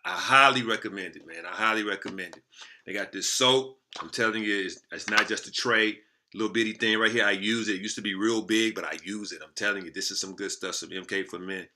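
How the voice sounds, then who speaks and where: A man spins a story straight to the camera in loose, slangy talk. His voice sits low but rings bright and clear, and he swings from quiet asides to loud, excited bursts. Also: a little fast, a little hiss or hum. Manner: lively, animated storyteller with slangy street talk. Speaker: motivational speaker.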